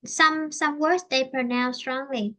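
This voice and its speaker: A woman's voice: sits high, fairly even intonation, a little slow, sharp tone. A woman with a Vietnamese accent teaching an English lesson, switching between Vietnamese and English and explaining with many fillers and restarts.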